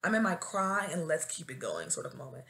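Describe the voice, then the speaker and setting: A woman in her twenties with a low, very animated voice and a slightly fast pace hosts her own solo podcast. She's a new teacher chatting casually, and she dramatically swings into wailing and shouting for comic effect.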